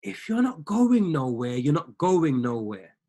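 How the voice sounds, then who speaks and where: Unhurried and sing-song, this high-pitched man has a dark tone as he coaches traders in an online pep talk. He preaches at them, addressing listeners directly and repeating lines to hammer his message home.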